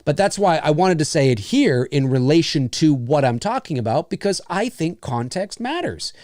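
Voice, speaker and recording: A middle-aged man from Canada chatting casually as a podcast co-host, with a slightly high voice. He rambles, circles back on himself and lands his points bluntly. The sound is dry and close to the mic. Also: very animated, moderate pace, a little mellow, no echo. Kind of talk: casual chat.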